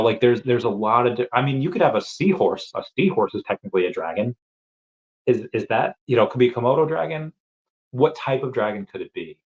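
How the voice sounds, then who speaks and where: A man's voice: medium pitch, muffled recording. A man hosting a casual livestream, answering chat questions in a rambling way and often repeating words as he restarts.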